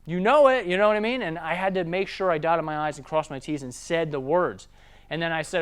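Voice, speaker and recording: High, smooth-voiced Southern man teaching sales. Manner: casual, animated, acts out customers in quick voices. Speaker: sales trainer. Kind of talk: seminar talk on sales.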